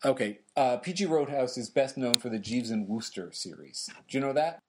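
A man co-hosting a podcast, casually talking through historical events in a relaxed, explanatory way. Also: medium pitch, a little fast, noisy background. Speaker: podcast co-host.

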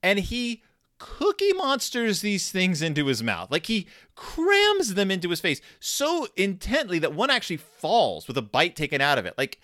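Brief: wry, jokey male host doing comedic commentary on a book, very lively intonation, dry sound. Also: high-pitched, no echo. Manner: wry, jokey, animated storytelling. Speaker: host reviewing a scratch-and-sniff storybook.

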